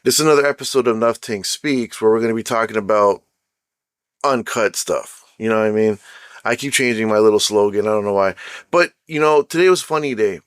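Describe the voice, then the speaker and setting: A man's voice: on the low side, brisk, smooth, no room sound, studio quality. A young man from Canada with a Canadian accent, hosting his own show and telling a personal story in a loose, chatty way, often checking in with "right?". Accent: Canadian English. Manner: chatty, keeps asking "right?"; laughs at his own jokes. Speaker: podcast host. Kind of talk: casual storytelling monologue.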